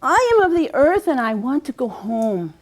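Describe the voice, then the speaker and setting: Woman playing a homesick husband in an old tale, calm tender voice, kinda high. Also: moderate pace. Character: gentle earthbound husband, homesick.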